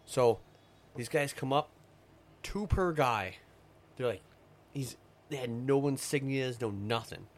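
A man's voice: mid-range voice, expressive, slow, pauses often. A man telling a long story in a rambling, profane way during a casual podcast chat. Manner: rambling, profane, retells stories in quoted voices. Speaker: podcast guest.

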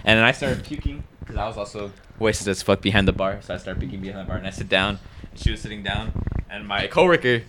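A man's voice: on the low side, quick pace, noisy background. A man, co-hosting a podcast in casual chat and rambling through party stories with heavy swearing and slang. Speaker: podcast co-host.

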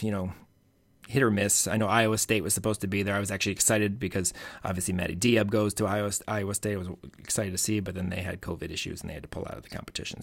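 A man's voice: low voice, gravelly, a bit bright. A man co-hosting a podcast, chatting casually and rambling about college gymnastics. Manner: rambling, lots of fillers and restarts. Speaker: podcast co-host.

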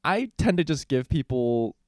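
A man co-hosting a casual podcast chat, talking in a measured way and thinking aloud with some hesitation. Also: medium pitch, very animated, no room sound, clean studio sound. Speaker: podcast co-host.

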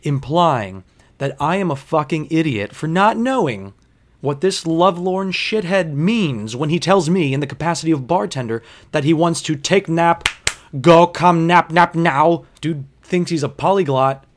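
A man's voice: on the high side, normal speed. A young man, a bartender, telling a story casually with lots of swearing and sarcasm. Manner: profane, animated, sarcastic.

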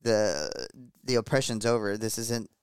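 A man co-hosting a podcast, calmly summing up a film's ending with fillers. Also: lowish voice, measured pace, smooth, no room sound, clean studio sound. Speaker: podcast co-host. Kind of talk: casual chat.

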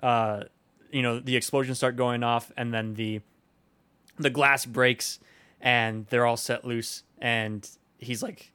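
A man's voice: medium pitch, level tone, slow pace, bright, forceful tone, clear, resonant tone, dry recording. A man recounting movie scenes in casual talk, rambling and hesitant with many fillers.

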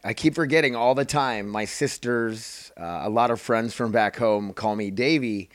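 A man's voice: mid-range voice, moderate pace, few pauses, dry recording. A man hosting his own podcast, rambling in an offhand, casual way and swearing freely. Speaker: podcast host. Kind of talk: casual solo podcast chat.

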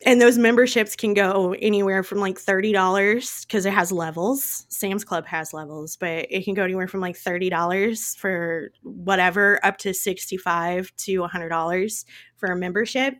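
A woman's voice: mid-range voice, steady tone, normal speed, fairly bright tone, no room sound, clean studio sound. A woman with a Southern US accent co-hosting a podcast, chatting animatedly and peppering her talk with "like" and "y'all". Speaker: podcast co-host. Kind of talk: casual chat.

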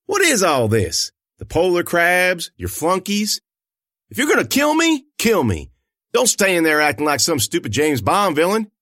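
A man's voice: sits high, expressive, brisk, bright, forceful tone, no echo, studio quality, pitched above the performer's own voice. A man voicing a brash, defiant young woman with mind powers, mocking and taunting in a storybook reading. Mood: angry.

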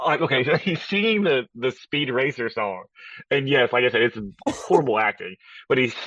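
A man's voice: mid-range voice, a bit bright, no room sound, dull audio. A man co-hosting a casual film-review chat, rambling through scene recaps with lots of fillers and restarts. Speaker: podcast co-host.

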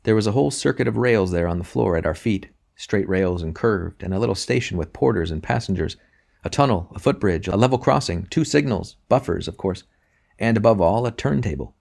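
A man reading a short story aloud in a measured, reflective way. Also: on the low side, expressive, vocal fry, darkish tone. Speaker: narrator. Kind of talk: audiobook reading.

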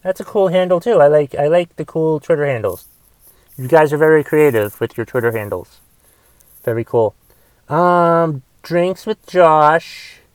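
A man hosting a podcast, ranting with heavy swearing, going from mumbled asides to loud angry outbursts. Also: fairly high pitch, measured pace, clean tone, no room sound. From United States. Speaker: podcast host. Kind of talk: casual rant podcast.

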